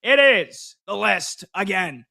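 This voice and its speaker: A man's voice: high voice, animated, takes it slowly, vocal fry, noisy background. A man hosting a sports radio show, chatty and joking with his crew. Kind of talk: casual sports talk.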